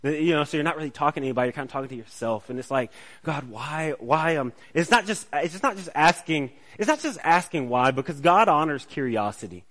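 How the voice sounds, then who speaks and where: Conversational male preacher, slightly high voice. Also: expressive, fast, hardly any pauses. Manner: casual, checks in with listeners by asking "right?"; restarts phrases, shifts from soft to emphatic. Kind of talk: conversational sermon.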